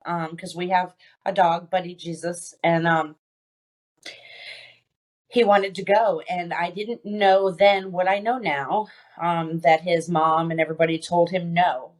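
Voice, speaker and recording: A woman with a fairly low, steady voice is a guest on a podcast, sharing a personal story. She recounts events haltingly, with lots of "um"s and restarts.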